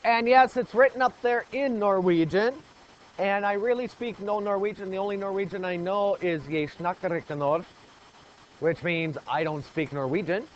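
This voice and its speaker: A man's voice: sits high, normal speed, muffled recording, a little hiss or hum. A man teaching a geography lesson in a classroom, quizzing the students with call-and-response questions. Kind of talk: classroom lecture.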